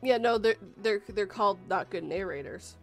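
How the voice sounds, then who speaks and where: A woman hosting a relaxed livestream chat, animated and laughing often. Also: mid-range voice, moderate pace, faint music behind. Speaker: host. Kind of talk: casual chat.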